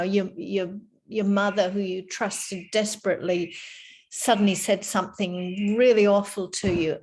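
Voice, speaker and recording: A woman's voice: mid-range voice, a little mellow. A woman taking part in a casual group discussion, earnestly raising a question. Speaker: participant.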